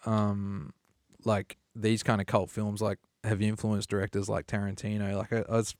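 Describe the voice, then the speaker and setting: A man, chatting about films as an animated storyteller. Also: lowish voice, normal speed, no echo, clean studio sound. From Australia. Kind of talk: casual film discussion.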